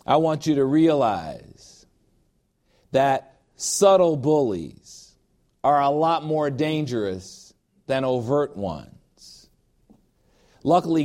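A man's voice: fairly high pitch, mellow. Emphatic man preaching a sermon. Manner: emphatic, emotional preaching with personal asides; repeats phrases for emphasis. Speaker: pastor.

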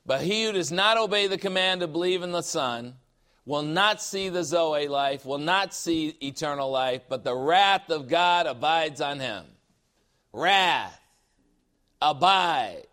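A man preaching a sermon in a forceful, emphatic way, firing rhetorical questions and mocking the objections of skeptics. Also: fairly high pitch, moderate pace.

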